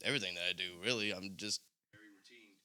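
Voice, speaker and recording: A man's voice: lowish voice, fast. A man co-hosting a podcast, chatting casually and telling stories with swearing. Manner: relaxed, swearing, lively storytelling. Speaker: podcast co-host.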